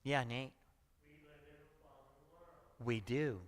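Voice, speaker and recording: A man's voice: mid-range voice, unhurried. A man in his sixties, a pastor giving a chatty, storytelling sermon and often asking his audience "right?". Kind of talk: conversational sermon. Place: church hall. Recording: reverberant church hall.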